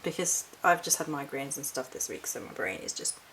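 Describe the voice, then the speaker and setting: A woman's voice: extremely low pitch, lively intonation, brisk, background noise. A woman chatting casually through a haul vlog, rambling and correcting herself as she goes. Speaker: witchcraft vlogger.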